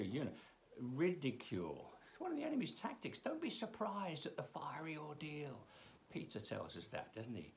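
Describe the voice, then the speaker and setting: A man giving a daily Bible devotional as pastor, halting with frequent restarts and briefly putting on mocking voices. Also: fairly low pitch, vocal fry, a little hiss or hum.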